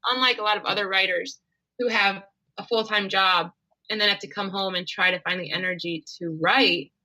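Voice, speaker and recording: A woman author chatting as an interview guest, often laughing and poking fun at herself in quick asides. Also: medium pitch, steady tone, pushed and bright, rough recording. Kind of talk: casual interview chat.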